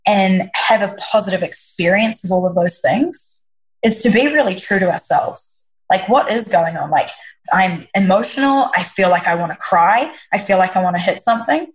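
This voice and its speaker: A woman's voice: medium pitch, animated, moderate pace, breathy edge, poor audio. A woman who works as a leadership coach, answering interview questions in an earnest, reflective way, often restarting her sentences. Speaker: leadership coach, podcast guest.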